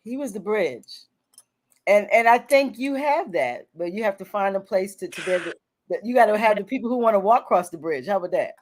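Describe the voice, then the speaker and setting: Lady radio host, voice moves a lot, chimes in w/ quick encouraging remarks. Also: medium pitch, lively intonation. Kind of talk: casual interview chat.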